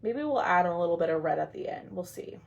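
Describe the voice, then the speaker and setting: A woman's voice: fairly low pitch, lively intonation, fast talker, vocal fry, lo-fi sound. A woman hosting a casual craft tutorial livestream, chatting with her viewers and her pets while she works.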